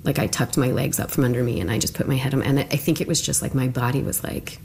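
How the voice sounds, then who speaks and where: A woman's voice: rumbling low, fairly even intonation, fast talker, vocal fry, a little mellow, slight background noise. A young woman telling her own story in an interview, rambling and full of fillers. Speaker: interviewee recounting her arrest.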